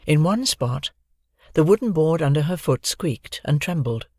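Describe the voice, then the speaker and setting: An audiobook narrator reading a children's adventure novel in a lively, expressive manner, close to the microphone. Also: medium pitch, measured pace, no echo.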